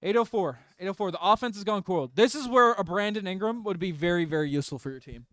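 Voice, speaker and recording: A young man giving a fan's live play-by-play commentary, swinging between despair and hype and yelling after big shots. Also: high voice, fast, no echo. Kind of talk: excited fan play-by-play commentary.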